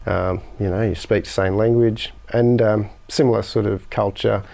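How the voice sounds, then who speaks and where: An Australian man as an interview guest, talking in a measured, matter-of-fact way. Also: lowish voice, steady tone, gravelly, darkish tone. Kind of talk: casual chat.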